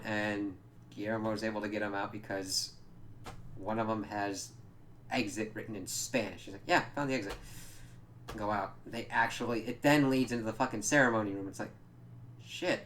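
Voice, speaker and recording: A man's voice: on the low side, a little hiss or hum. Rambling, profane man reviewing a show. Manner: rambling, profane, many fillers. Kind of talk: casual spoken episode recap.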